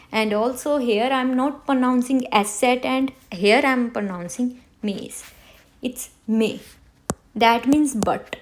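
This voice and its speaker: A woman teaching a beginner French lesson, who slowly repeats each word for her students. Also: fairly high pitch, a little hiss or hum. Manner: slow, repeats words for students to hear.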